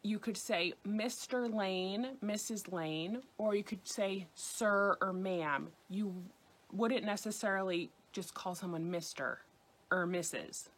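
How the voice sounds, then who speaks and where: An American woman in her thirties with a New York accent, teaching French pronunciation in a scripted, clear and deliberate way. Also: medium pitch, a bit bright. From United States. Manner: clear, deliberate, careful over-enunciation of example words. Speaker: French teacher on a video channel. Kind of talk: scripted language lesson.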